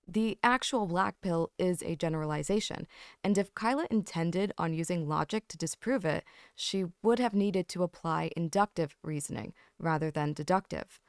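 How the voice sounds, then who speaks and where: A woman narrating a video essay in a measured, analytical way. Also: fairly low pitch, clear, resonant tone, dry recording, clean studio sound. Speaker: commentary narrator.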